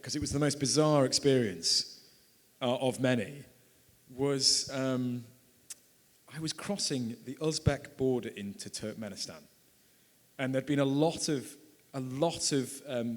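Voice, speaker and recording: British man in his 30s, lively anecdote-teller at a live talk, reverberant hall. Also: mid-range voice. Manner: animated, laughing storyteller. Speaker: author and filmmaker. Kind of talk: storytelling at a book talk. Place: event hall.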